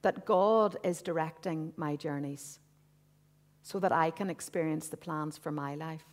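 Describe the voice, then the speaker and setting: Woman in her fifties giving a church testimony, lowish voice, earnest and chatty with lots of asides. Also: measured pace. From Northern Ireland. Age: 50s. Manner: earnest, conversational, with frequent asides and restarts. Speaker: church speaker. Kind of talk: personal testimony talk to a congregation. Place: church hall.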